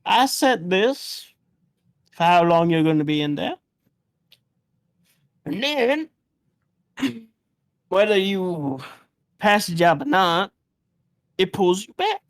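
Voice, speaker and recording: A woman's voice: fairly low pitch, expressive, slow, pauses often, dry recording, clean studio sound, pitched below the performer's own voice. A woman voicing a rambling old man with a mumbly, jaw-pushed-out voice and a folksy, hesitant way of talking. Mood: explaining. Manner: folksy, hesitant, full of uhs and trailing thoughts. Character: rambling old man who sends adventurers off.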